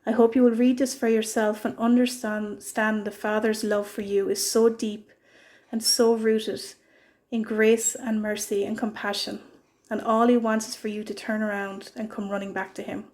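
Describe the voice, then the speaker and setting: A woman giving a short devotional church message, retelling a parable in an earnest, gentle way. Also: mid-range voice, level tone, normal speed. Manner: earnest storytelling. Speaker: church speaker.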